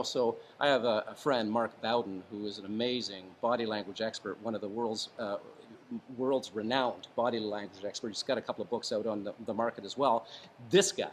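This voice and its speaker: A former hostage negotiator, appearing as an interview guest, offers advice calmly and deliberately in a mid-pitched voice. He varies his tone and uses pauses for effect. Faint noise runs beneath the recording.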